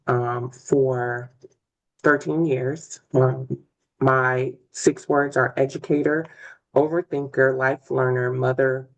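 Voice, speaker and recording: A woman in her forties, a pre-K teacher, introducing herself on a video call in a hesitant way, with many pauses. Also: very deep voice, vocal fry, low-quality recording.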